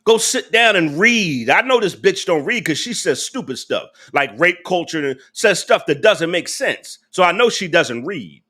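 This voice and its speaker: A man's voice: high voice, very animated, normal speed, few pauses, sharp tone. A man hosting a live reaction stream, ranting in an angry, preachy and profane way. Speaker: host of a live reaction channel.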